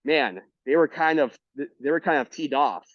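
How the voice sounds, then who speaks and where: Man reading a memoir aloud, halting. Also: fairly high pitch, animated, no room sound. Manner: halting, restarts words, marks quotes aloud. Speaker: book club reader. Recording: dull lo-fi recording.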